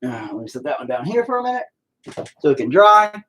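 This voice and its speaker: Husky man ranting with lively pitch. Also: brisk. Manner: profane, ranting and exasperated. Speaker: streamer painting live. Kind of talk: casual livestream chat.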